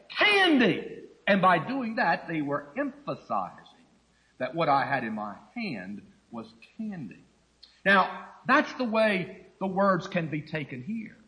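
Middle-aged male preacher, high and very animated voice, expository teaching that acts out the quotes. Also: low-quality recording. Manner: expository Bible teaching, acting out quoted speech. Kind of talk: sermon.

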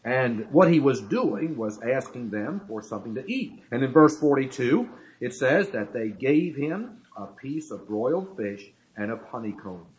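Male preacher, husky tone, lively, emphatic, repeats points, rhetorical questions. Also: mid-range voice, measured pace, low-quality recording. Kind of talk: sermon.

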